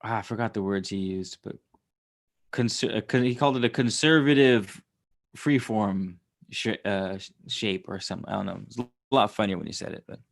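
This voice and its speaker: A man's voice: lowish voice, moderate pace, creaky. Male streamer, casual and rambling, chuckles through his stories. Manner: rambling, chuckling, loose storytelling with fillers. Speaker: livestream host reading chat. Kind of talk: casual livestream chat.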